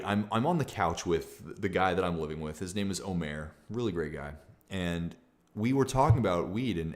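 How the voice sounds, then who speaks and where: A young man streaming casually, talking in a rambling, candid way with many restarts and fillers. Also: low voice. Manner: reads viewer comments aloud. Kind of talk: casual livestream talk.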